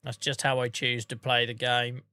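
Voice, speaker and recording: A man chatting casually on a gaming livestream, calling viewers by name and humming little tunes between remarks. His voice is bright and forward, and it sounds dry and close. He sounds relaxed. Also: mid-range voice, moderate pace, clean tone, no echo. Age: adult with a day job. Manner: chatty, talks to viewers by name, hums to himself. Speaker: streamer.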